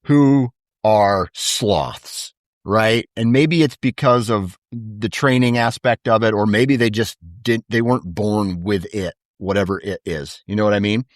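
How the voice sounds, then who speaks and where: A man with a fairly low voice tells stories in a loose, laid-back podcast chat, animated and peppered with "dude." The sound is close and dry, with no room around it. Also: unhurried, dry recording. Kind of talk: casual chat.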